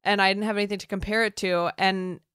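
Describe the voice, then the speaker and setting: A woman's voice: mid-range voice, flat delivery, quick pace, a bit bright, clear, resonant tone, no room sound, clean studio sound. A woman co-hosting a casual film chat, earnest and reflective. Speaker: podcast co-host. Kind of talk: casual chat about films.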